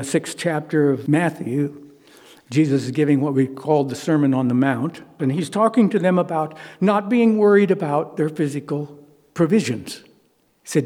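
A man's voice: on the high side, dark tone, breathy edge. A man preaching a sermon to a congregation in earnest, conversational tones, asking the listeners rhetorical questions. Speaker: pastor. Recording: long hall reverb.

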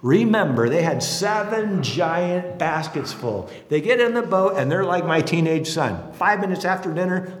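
A man's voice: a little high, unhurried, few pauses. A man in his fifties preaching a sermon, telling stories and acting out the voices of the people in them. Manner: animated storytelling, acting out voices. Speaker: pastor. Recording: echoey hall.

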